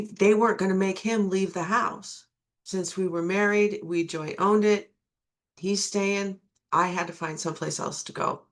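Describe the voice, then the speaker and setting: A middle-aged woman sharing her recovery testimony, earnest and repeating key phrases for emphasis. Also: fairly low pitch.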